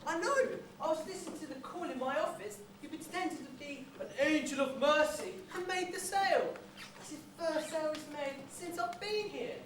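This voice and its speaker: A woman playing a teasing office boss, brisk and joking, on an amateur stage. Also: high-pitched, close to an everyday voice. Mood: amused. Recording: echoey hall miked from far, noisy.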